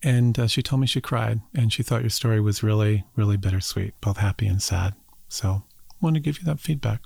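A man hosting a storytelling podcast, speaking in a measured, sincere way. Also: fairly low pitch, gravelly, darkish tone, breathy edge, dry recording, clean studio sound. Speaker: podcast host. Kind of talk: interview wrap-up and scripted narration.

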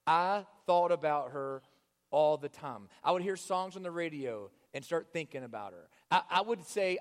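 Impassioned preacher man in a reverberant hall. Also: fairly high pitch. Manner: impassioned, swinging from loud urging to hushed near-whispers. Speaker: pastor. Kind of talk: sermon.

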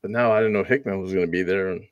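A man's voice: deep voice, very fast, smooth, no room sound, lo-fi sound. A man co-hosting a podcast, chatting in an easygoing, offhand way. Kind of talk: casual interview chat.

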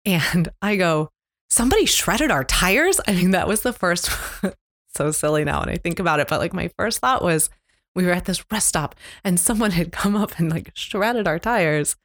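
Woman, podcast co-host, middle-aged, lowish voice, dry close mic, candid halting storytelling. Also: no room sound. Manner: candid, emotional, halting retelling. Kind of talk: casual storytelling chat.

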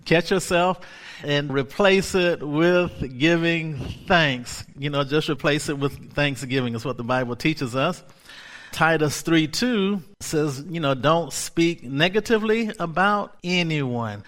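Male preacher, earnest sermon delivery, fairly high-pitched, repeats lines to drive them home. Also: unhurried, a bit bright. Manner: earnest, repeats key phrases for emphasis.

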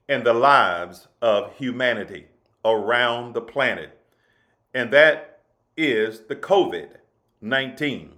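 A man speaks as a spiritual coach in an unhurried, measured way, leaning on each phrase and circling back to repeat his points. His motivational talk is steady and emphatic, with plenty of pauses. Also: medium pitch. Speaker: spiritual coach and podcast host.

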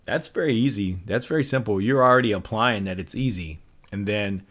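A man's voice: lowish voice, fairly quick. A man hosting a podcast, explaining ideas in a casual, loose way with lots of fillers and restarts. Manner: relaxed, loose delivery full of fillers and restarts. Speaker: podcast host.

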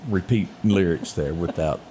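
A man co-hosting a casual morning show and reading local headlines, animated and prone to singing snippets of lyrics. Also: low voice, moderate pace, a little hiss or hum.

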